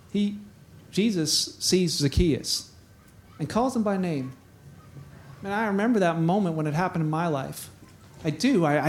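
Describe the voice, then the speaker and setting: A man with a notably high voice preaching to his congregation. He talks like he is chatting with friends, animated and warm in his storytelling, often restarting a phrase or slipping in a chuckle. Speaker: pastor. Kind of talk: conversational sermon.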